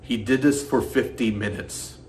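A man's voice: mid-range voice, measured pace, a little mellow, distant mic, slight background noise. A man giving dry, exasperated asides as a documentary narrator. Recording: echoey room.

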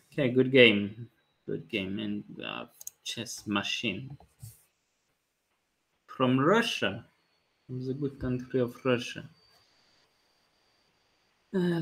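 A man, a chess grandmaster calmly thinking aloud about his moves during a live stream, with light jokes. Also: mid-range voice, gravelly. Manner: calm, thinking aloud move by move, light joking. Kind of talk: live-stream commentary on his own play.

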